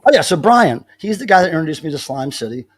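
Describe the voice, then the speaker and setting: A man's voice: on the high side, sing-song, fast talker, slightly rough. A man hosting a casual live stream, telling rambling stories with many restarts. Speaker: livestream host.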